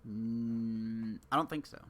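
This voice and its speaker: A man's voice: lowish voice, steady tone, slow pace, a little hiss or hum. A man co-hosting a sports podcast in loose, rambling, jokey casual chat. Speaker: podcast co-host.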